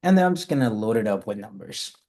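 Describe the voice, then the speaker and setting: A man's voice: on the low side, sing-song, quick pace, vocal fry, darkish tone. A man teaching a live coding lesson, talking through his code step by step and correcting himself as he goes. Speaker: coding instructor.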